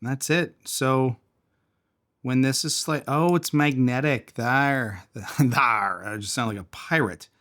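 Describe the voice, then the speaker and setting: At a measured pace, a man with a medium-pitched voice casually reviews a small fidget toy and takes it apart. He thinks aloud as he tinkers, in the style of a casual product teardown.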